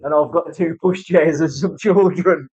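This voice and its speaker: A British man with a slightly raised pitch tells a rambling, casual story, swearing freely and slipping into other people's voices. The recording is dry and a little dull, with no room sound. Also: moderate pace, darkish tone, husky, no echo. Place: tattoo studio.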